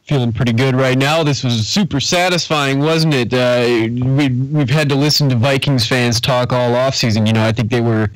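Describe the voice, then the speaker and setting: A man's voice: medium pitch, moderate pace, few pauses, no room sound, low-quality recording. A man co-hosting a sports podcast, joking and laid-back in casual chat. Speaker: podcast co-host.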